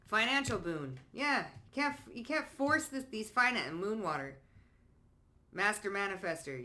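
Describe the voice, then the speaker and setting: A psychic card reader gives a casual spoken reading in a bright, sharp voice, blunt and sassy, peppering it with curses and pet names. She emphatically shifts from low asides into loud bursts.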